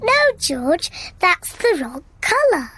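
A woman's voice: very high-pitched, very animated, slow, over loud music, heavily acted, low-quality recording. A woman voicing a bossy, cheerful little girl pig in a cartoon, proud and giggly. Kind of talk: cartoon voice acting.

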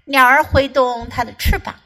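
A woman's voice: sits high, normal speed, poor audio. A woman with an American English accent reading a children's story aloud and explaining it like an English teacher. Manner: expressive, lively storyteller.

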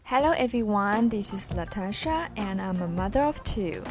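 A mother reading a children's storybook aloud in a slow, expressive way. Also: mid-range voice, music in the background.

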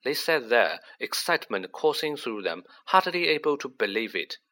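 Animated man narrating a storybook. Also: mid-range voice, moderate pace. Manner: dramatic, animated delivery. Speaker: audiobook reader.

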